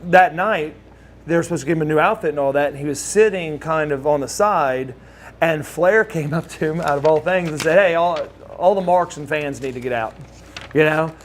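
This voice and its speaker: A man's voice: fairly high pitch, moderate pace, a little hiss or hum. A middle-aged man with a Southern US accent telling rambling anecdotes in a casual interview, restarting phrases and laughing now and then. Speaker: interview guest, former wrestler.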